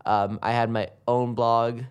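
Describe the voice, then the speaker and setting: A man's voice: medium pitch, flat delivery, unhurried, smooth, highs cut off. A man co-hosting a casual soccer podcast, talking in an enthusiastic, rambling way with frequent restarts. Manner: enthusiastic, rambling, self-correcting. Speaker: podcast co-host. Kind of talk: casual sports chat.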